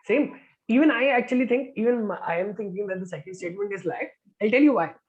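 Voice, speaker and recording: A man's voice: sits high, fast, a little mellow. A man hosting an online group activity, chatty and encouraging, often saying "all right". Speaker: activity host. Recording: dull lo-fi call audio.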